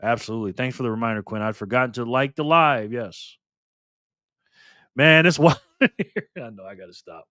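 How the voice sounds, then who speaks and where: A man's voice: medium pitch, a little fast, bright, forceful tone, no echo, studio quality. A man hosting a casual live stream, greeting chat members by name and teasing them in a playful way.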